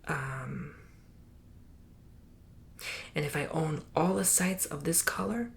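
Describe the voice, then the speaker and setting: A man whispers his way through a sassy ASMR tutorial, teasing and playful with the listener. His voice is gravelly and close. A steady hiss and small clicks sit under the recording. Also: on the high side, slow pace. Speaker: ASMR creator.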